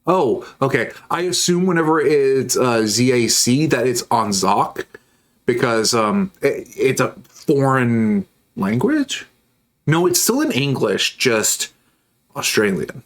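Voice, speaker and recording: A man's voice: mid-range voice, very animated, slow. A man chatting casually on a livestream while he builds models, rambling, joking and reacting to messages from chat. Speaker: streamer.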